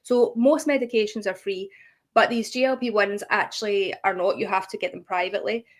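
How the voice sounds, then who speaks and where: A woman's voice: mid-range voice, steady tone, a little fast. A young woman, a guest creator in a casual interview, friendly and laughing often as she explains. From United Kingdom.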